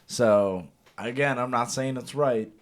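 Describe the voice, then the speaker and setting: A man's voice: medium pitch, takes it slowly. A man co-hosting a casual talk show, rambling and swearing often as he acts out what people said. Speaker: podcast co-host. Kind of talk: casual chat.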